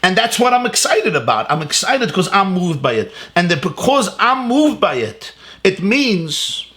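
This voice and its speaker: A rabbi delivering a Torah lecture in a fairly high, lively voice that swings widely in pitch. He is emphatic, fires off rhetorical questions and repeats key words, weaving Hebrew and Yiddish terms into his English. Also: normal speed. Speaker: rabbi teaching a class.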